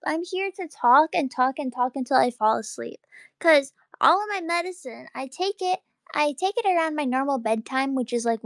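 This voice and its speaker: High-voiced rambling young woman. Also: no room sound. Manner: rambling, excitable, laughs often. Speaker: streamer. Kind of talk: casual late-night chat.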